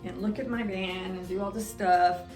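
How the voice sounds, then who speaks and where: A woman vlogger telling a story to the camera in a casual, animated way, often repeating herself. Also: medium pitch, moderate pace, reverberant, faint music behind. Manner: animated, repetitive retelling. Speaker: van-living vlogger.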